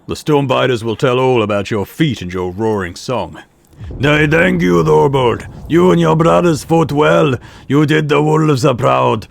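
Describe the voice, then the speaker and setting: A man voicing a gruff, proud warrior in a video game, speaking in an old-fashioned, boastful way. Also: mid-range voice. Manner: archaic, boastful warrior speech. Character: gruff male Norse-style warrior, proud and blunt.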